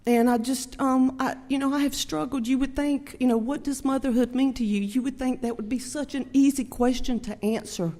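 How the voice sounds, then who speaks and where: An older woman with a Southern US accent giving a halting, heartfelt Mother's Day talk at a church microphone, near tears. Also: sits high, fairly even intonation, mellow. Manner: halting, heartfelt, many fillers. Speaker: church speaker. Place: church sanctuary. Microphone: handheld microphone. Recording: long church hall reverb.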